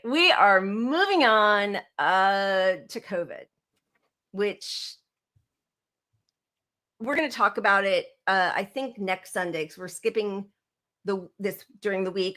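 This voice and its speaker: A woman's voice: mid-range voice, normal speed, a bit bright. Chatty woman podcast co-host in her forties. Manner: chatty and giggly, with many fillers. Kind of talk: casual podcast chat.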